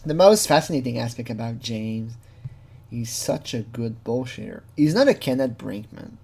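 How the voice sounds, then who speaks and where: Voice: mid-range voice, expressive, moderate pace, vocal fry, darkish tone, husky. A casual true crime commentator who talks freely, laughs often, swears, and mimics the people being quoted.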